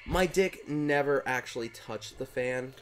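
A man's voice: medium pitch, a little slow, a little hiss or hum. A young man telling a long, rambling story while playing a game with a friend, often breaking off mid-sentence. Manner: rambling, self-interrupting anecdote. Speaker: gaming co-host telling a story. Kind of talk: casual storytelling over gameplay.

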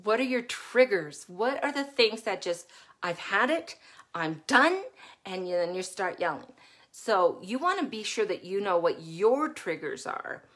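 A middle-aged woman giving a live-stream talk as a parenting coach, chatty and laughing often as she acts out her own moments of yelling. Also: mid-range voice, expressive, unhurried.

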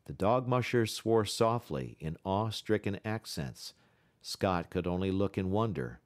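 A man narrating a classic novel as an audiobook in a measured storytelling delivery. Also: low-pitched, expressive.

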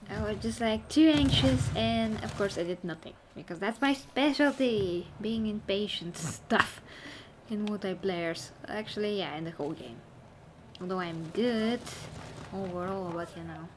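A woman's voice: mid-range voice, unhurried, noisy background. A woman giving casual gameplay commentary, chatting to herself and exclaiming at the game. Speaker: gaming channel host.

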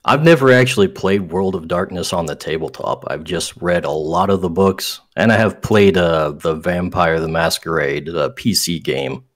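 A man speaking as a guest game designer in a casual interview, relaxed and offhand. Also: low-pitched, moderate pace, few pauses.

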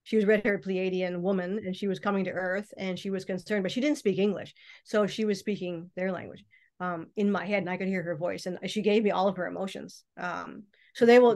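A guest mystic on a casual podcast, recorded remotely or in a studio, rambles along with many restarts and hesitations. Her voice is medium-pitched and darkish, steady in tone, and quick.

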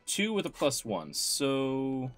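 Man, let's play host, casual commentary, animated pitch, amused, soft music behind. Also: slow. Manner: casual, amused, reads dialogue aloud.

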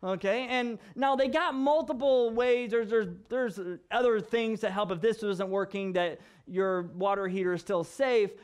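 Man, middle-aged, pastor, casual vlog, laughs a lot, light high pitch. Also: fairly even intonation, a little slow, few pauses, clean tone. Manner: chatty, jokey, laughs often. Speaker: pastor and professor. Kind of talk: casual devotional vlog talk.

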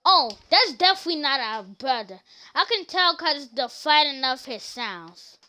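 A woman's voice: high-pitched, a little slow. A woman streaming a game, chatting casually and telling rambling stories as she plays. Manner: rambling, animated storytelling. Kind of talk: casual gameplay commentary.

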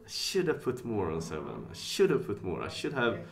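A man streaming live, thinking aloud, reading chat and getting excitable. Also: fairly low pitch, moderate pace, creaky. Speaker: casino streamer.

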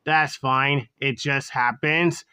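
Woman doing a quiet shy teen boy, new at school, kinda emo, soft and unsure, dry close sound. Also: a bass voice, steady tone, slow pace, clear, resonant tone, no room sound, pitched below the performer's own voice, exaggerated voice. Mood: subdued.

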